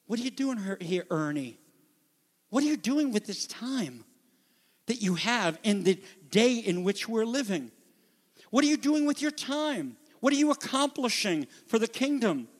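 A man preaching a sermon as pastor, moving from quiet retelling to loud, urgent exhortation. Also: high voice, big pitch swings, measured pace, big-room sound. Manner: dynamic preaching, drops to a hush then builds to loud exhortation.

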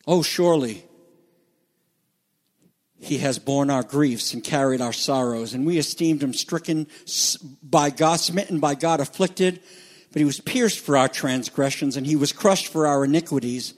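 A man preaching a sermon with a somewhat high voice, swinging from loud, ringing declarations to near-whispered lines. A long hall reverb trails every phrase. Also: a little slow. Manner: dramatic, swings from loud to hushed. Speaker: pastor.

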